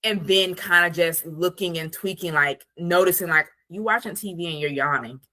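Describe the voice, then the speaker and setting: A woman's voice: on the low side, normal speed, sharp tone. A woman productivity coach speaking as a podcast guest from her home office desk over a video call. She chats casually with lots of "like" fillers and acts out quoted thoughts. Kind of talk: casual conversational interview.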